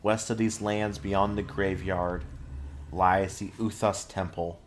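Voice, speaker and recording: A man voicing a solemn ancient male god of knowledge, reading the game's dialogue slowly and gravely. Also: sits low, level tone, slight background noise.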